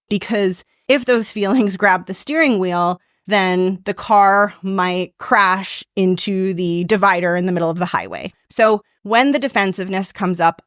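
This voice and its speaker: A woman's voice: medium pitch, a bit bright, no room sound. Earnest woman podcast host, dry sound. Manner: earnest, reassuring, acts out quoted self-talk. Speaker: podcast host and career coach. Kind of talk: solo podcast advice monologue.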